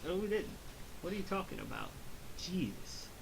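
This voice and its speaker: A man hosting a casual movie review chat, recapping scenes in an animated way with silly voices. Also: high voice, moderate pace, gravelly, background noise. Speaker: movie review podcast host.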